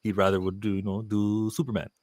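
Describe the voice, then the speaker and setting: A male caller on a live stream who rambles as he jokes, tripping over his words. His voice sits low, and the recording sounds dry and close. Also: little pitch movement, fast, darkish tone, dry recording. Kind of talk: joking call-in comment.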